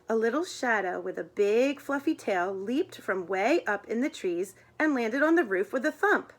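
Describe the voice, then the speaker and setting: A woman reading a children's chapter book aloud in an expressive way. She gives the characters their own voices. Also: fairly high pitch, moderate pace, hardly any pauses. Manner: expressive, voices the characters, chats about the pictures.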